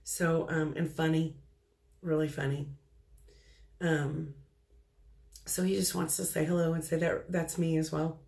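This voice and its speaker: Lady psychic medium channeling spirit messages, kinda low gravelly fry voice, lots of ums. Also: flat delivery, darkish tone. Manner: halting, full of ums, relays what spirits say.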